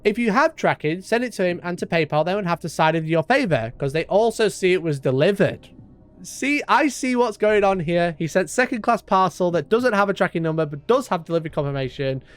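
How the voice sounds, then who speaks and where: A man giving animated, sweary online-drama commentary, reading posts aloud with mocking asides. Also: sits high, a little fast, smooth. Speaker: YouTube commentator.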